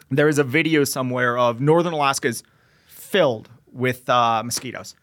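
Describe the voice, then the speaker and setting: A man's voice: medium pitch, normal speed. A young man telling a story in a casual interview, acting out bits of radio talk as he goes. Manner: animated storyteller who acts out radio dialogue. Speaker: guest, veteran entrepreneur.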